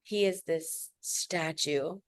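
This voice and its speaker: A woman's voice: low voice, slow pace. Woman in her forties gushing emotionally. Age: 40s. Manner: emotional storytelling, gushing and animated, acts out what others said. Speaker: podcast guest. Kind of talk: casual chat.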